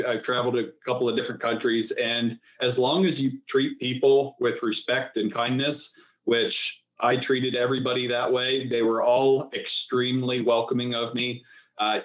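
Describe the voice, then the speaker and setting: Give me a relaxed, hesitant male dentist guest answering questions. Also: mid-range voice. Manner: relaxed, hesitant, frequent restarts. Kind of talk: casual interview chat.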